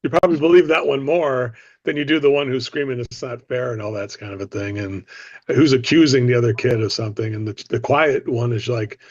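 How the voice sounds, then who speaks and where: A man's voice: mid-range voice, a little fast, no echo, dull audio. A man hosting a sales training discussion, coaching and drawing others in with questions. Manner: coaching, asks others for their views. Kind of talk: casual group discussion.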